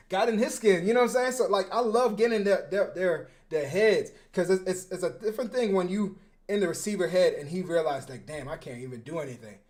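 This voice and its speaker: A young man, a football coach and former defensive back, talking casually on a livestream, animated and slangy, often repeating his words. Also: sits high, a little fast. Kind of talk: casual livestream film breakdown.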